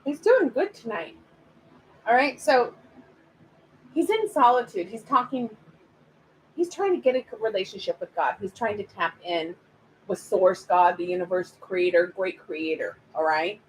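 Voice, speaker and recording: Her mid-range voice is animated and a little slow, and the poor audio carries some hiss or hum. This spiritual reader hosts a live card reading, addressing viewers directly in a chatty, affectionate way full of pet names.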